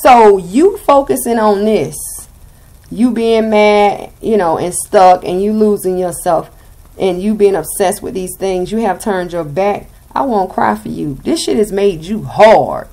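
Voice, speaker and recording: A woman's voice: mid-range voice, a little slow, warm tone. A young woman with a Southern US accent giving a blunt, sassy tarot reading and swearing freely. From Southern United States. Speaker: tarot reader.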